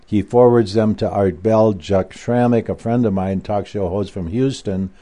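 A man's voice: fairly low pitch, a little slow, mellow. A male guest author telling a long story in a rambling way, with frequent restarts and asides. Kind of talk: conversational recounting.

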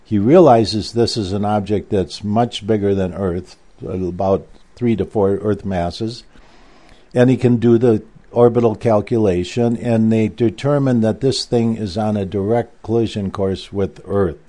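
A man's voice: fairly low pitch, steady tone, a little slow, mellow. A male guest author telling a long story in a rambling way, with frequent restarts and asides. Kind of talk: conversational recounting.

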